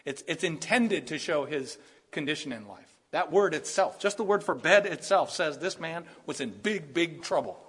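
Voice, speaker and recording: Male pastor, lively sermon delivery with sudden bursts of emphasis. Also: a little high, normal speed, husky. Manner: animated, acts out quoted voices, rising to bursts of emphasis.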